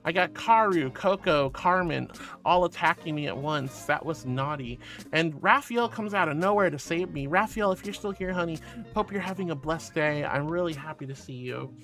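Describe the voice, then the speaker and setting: A man's voice: a little high, expressive, normal speed, fairly bright tone, faint music behind. A man streaming casually, playfully and affectionately reading chat aloud.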